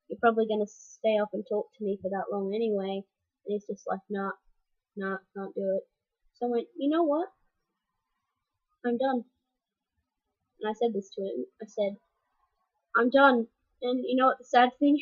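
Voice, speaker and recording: A woman's voice: a little high, phone-quality sound. A young woman talking frankly to the camera in a personal vlog update, with fillers and restarts. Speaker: vlogger.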